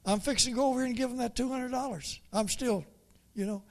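A man preaching a folksy story, halting and repeating words as he goes. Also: extremely high pitch, creaky, darkish tone. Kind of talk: storytelling sermon.

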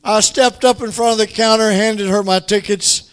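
Preacher guy, pretty high voice, folksy storytelling, keeps repeating himself for emphasis. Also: steady tone, moderate pace, a bit bright, clear, resonant tone. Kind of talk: sermon with personal story.

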